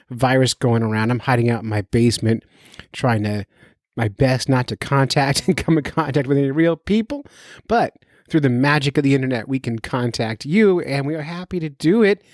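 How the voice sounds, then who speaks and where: A man's voice: medium pitch, normal speed, no echo, clean studio sound. A man hosting his own fishing podcast from his basement, talking in an upbeat, joking, self-mocking way. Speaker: podcast host and fishing guide. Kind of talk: casual podcast monologue. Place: home basement.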